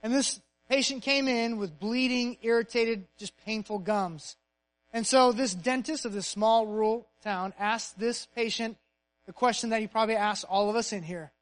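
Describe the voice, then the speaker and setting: A male pastor preaching a sermon, punching key phrases and dropping to a soft, hushed voice in prayer. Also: high voice, normal speed, rough recording.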